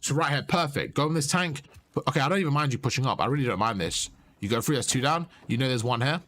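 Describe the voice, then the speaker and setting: A man's voice: medium pitch, quick pace, a bit bright, a little hiss or hum. Man coaching over gameplay footage. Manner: instructive, repeats points with "you see?". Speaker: game coach.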